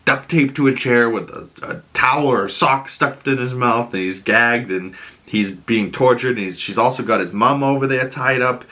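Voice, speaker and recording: A man with a Boston accent giving a casual, animated episode recap, acting out the characters' lines. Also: mid-range voice, normal speed. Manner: animated, acts out characters' lines in raised voices. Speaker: TV show reviewer.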